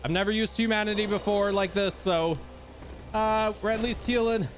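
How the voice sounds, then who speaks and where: A man streamer giving excitable live gameplay commentary to his chat, swinging between hushed talk and shouting. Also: high-pitched, normal speed, soft background music.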